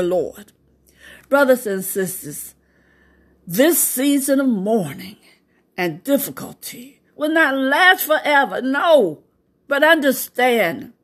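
A woman hosting a devotional program, reading scripture and preaching with slow, prayerful delivery and fervent exclamations. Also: on the high side, fairly bright tone. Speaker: devotional host.

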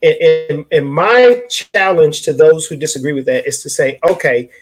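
A man's voice: a little high, expressive, normal speed. A man in an impassioned casual discussion, speaking in a preacherly way with many restarts as he cites scripture.

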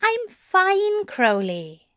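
Woman doing a soft sheepish male angel, high and fluttery. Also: wildly swooping pitch, drawn-out words, dry recording, studio quality, exaggerated voice. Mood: reassuring. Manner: reassuring, flustered.

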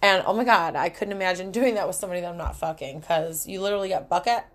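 A woman's voice: on the low side, fast. Profane, laughing young woman podcaster. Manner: candid, profane, laughs often. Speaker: podcast host. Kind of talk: casual solo podcast storytelling. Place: cabin.

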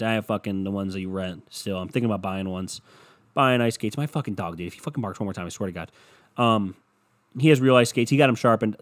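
A man hosting a casual solo podcast, rambling and cursing with self-mocking humor, a bit congested from a cold. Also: medium pitch. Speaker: podcast host.

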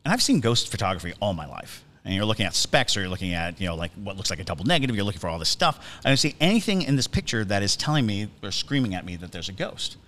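A man's voice: on the low side, very animated, quick pace, hardly any pauses, a bit bright. A man co-hosting a podcast, telling a story in a casual, chatty way, restarting his sentences and chuckling as he goes. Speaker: podcast co-host.

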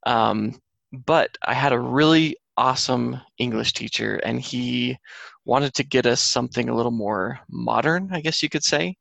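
A man's voice: medium pitch, normal speed, creaky, a bit bright, no echo. A man co-hosting a podcast, talking casually and rambling a little about books, with plenty of fillers. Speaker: podcast co-host. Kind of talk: casual chat.

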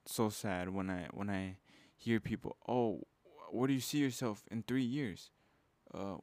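A man's voice: fairly low pitch, no room sound. A young man hosting a podcast, giving a casual, fired-up motivational talk full of "bro" and "man". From Mexican heritage. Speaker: podcast host.

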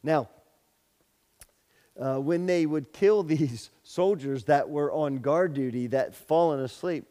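A male pastor delivers a sermon in a fairly high voice, telling a story with frequent restarts and repeated words. He raises his voice sharply for the story's dialogue. The sound carries a long reverb from a hall. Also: slow pace, dark tone.

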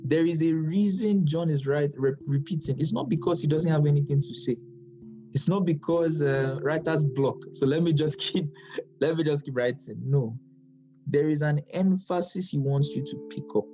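A man's voice: fairly high pitch, normal speed, over music, rough recording. A man teaching a Bible study in an emphatic way, often repeating phrases for stress.

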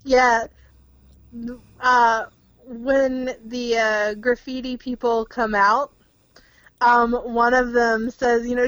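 Woman giving blunt opinions on a movie, kinda high voice, dry recording. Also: flat delivery, slow, a bit bright, dry recording, rough recording. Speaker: podcast co-host. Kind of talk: casual chat.

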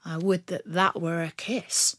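A woman's voice: fairly low pitch, steady tone, measured pace, fairly bright tone, no echo, clean studio sound. A woman voicing a gallant young male outlaw leader with a courteous, teasing manner in a storybook reading.

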